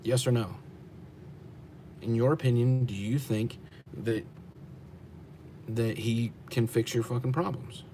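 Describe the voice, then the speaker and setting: Blunt American man with a mellow voice. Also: medium pitch, steady tone, takes it slowly, pauses often, slight background noise. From United States. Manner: blunt, profane, combative, repeats his questions. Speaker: truck driver streamer. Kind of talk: livestream rant answering chat.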